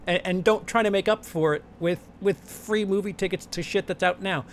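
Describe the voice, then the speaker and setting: A man's voice: sits high, a little fast, hardly any pauses. A young man hosting his channel, chatting casually in a rambling, profane way with lots of false starts and repeats. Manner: rambling, profane, many restarts. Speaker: channel host. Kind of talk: casual chat.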